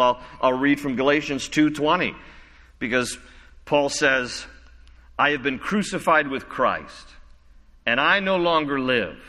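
A man's voice: fairly high pitch, pushed and bright, big-room sound. A man preaching an expository sermon, reading scripture and adding conversational, wry asides. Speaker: pastor.

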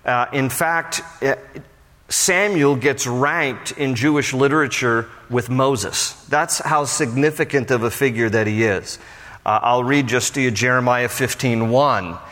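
A male pastor delivers a Bible teaching in a relaxed, conversational sermon style, weaving in personal asides. His voice sits at an ordinary middle pitch. It carries a long reverb, like a big church hall. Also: a little slow.

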